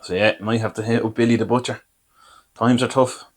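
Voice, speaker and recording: A man's voice: medium pitch, fairly even intonation, brisk. An Irish man hosting a podcast, telling rambling, self-deprecating comic anecdotes and acting out what people said to him. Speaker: podcast host. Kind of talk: comic storytelling.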